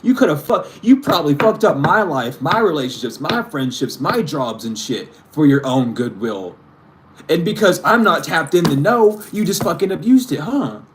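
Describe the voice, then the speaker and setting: A man's voice: a little high, very animated, moderate pace, background noise. A man giving a spiritual reading to his viewers, ranting emphatically and swearing freely. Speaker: tarot reader.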